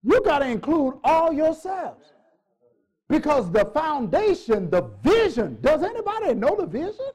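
A man's voice: extremely high pitch, very animated, unhurried, darkish tone. A male pastor preaching a sermon in a church, emphatic, repeating phrases and joking with the congregation.

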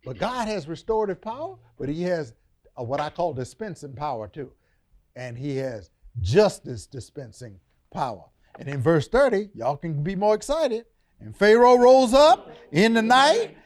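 A man preaching a Bible lesson to a congregation, dynamic and conversational, dropping quiet and then booming, with informal church vernacular. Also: sing-song, normal speed. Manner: dynamic, call-and-response, drops soft then booms. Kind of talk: sermon.

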